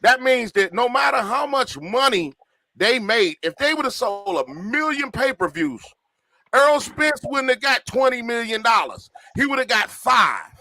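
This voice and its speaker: A man's voice: very high-pitched, a little slow, dry recording. A man hosting a podcast debate on a studio mic, arguing hard and laughing often. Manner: animated, laughing, argumentative. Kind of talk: heated casual debate.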